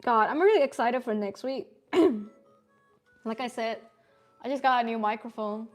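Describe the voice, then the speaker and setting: A woman's voice: fairly high pitch, normal speed, soft background music. A young woman streaming from home, chatting casually with viewers as she draws, often laughing and swearing. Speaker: artist streamer. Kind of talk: casual live-stream chat while drawing.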